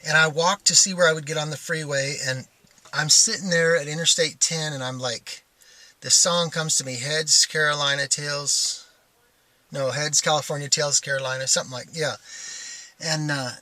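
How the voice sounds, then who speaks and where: A man with a bright, forceful voice pitched a touch high tells a personal vlog story in a meandering way. He thinks aloud and keeps stopping and starting over. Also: fairly even intonation, moderate pace, dry recording. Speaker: vlogger.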